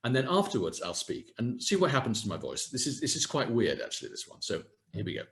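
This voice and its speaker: A man in his sixties, a communication coach giving a live online workshop over a video call, animated and self-deprecating as he demonstrates exercises. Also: mid-range voice, quick pace. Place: home setting, UK. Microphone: video call webcam.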